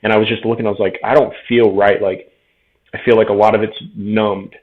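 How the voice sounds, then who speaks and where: A man in his thirties talks frankly through his story as a podcast guest, voice low and fairly level. He keeps quoting himself in a casual, conversational way. The audio is thin and tinny, as if heard over a phone line. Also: level tone, quick pace. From Tucson, Arizona.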